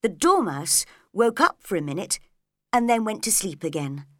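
A woman narrating a storybook in a slow, clear and expressive way. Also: medium pitch, no room sound, clean studio sound.

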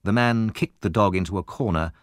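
A man narrating a story as an audiobook, with expressive, lively storytelling. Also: lowish voice, brisk, no echo, studio quality.

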